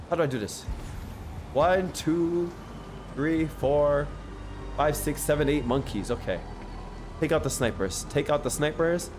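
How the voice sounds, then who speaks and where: A man streaming a video game, chatting excitedly and joking with his viewers. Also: on the high side, moderate pace, pauses often. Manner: excitable, jokey, talks to chat. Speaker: gaming streamer. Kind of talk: live gameplay commentary. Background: game music.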